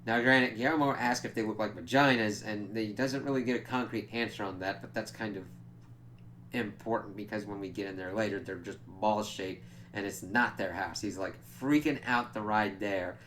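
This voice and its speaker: A man's voice: fairly low pitch, moderate pace, fairly bright tone, slight background noise. A man giving a casual, rambling spoken review of a TV episode, with loose asides and frequent fillers.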